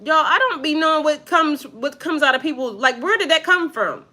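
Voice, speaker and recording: A woman's voice: sits high, lively intonation, normal speed, sharp tone. A woman giving a spiritual card reading, breaking off to react bluntly and profanely to viewer messages. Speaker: tarot reader. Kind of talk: reading plus live chat reactions.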